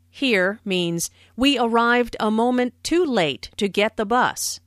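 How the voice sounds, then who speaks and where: A woman in the role of a language teacher reads scripted lesson notes. She speaks slowly and enunciates each phrase carefully, with plenty of lilt in a fairly high voice. The sound is dry and close. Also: animated, dry recording. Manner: slow, careful, clearly enunciated explanations.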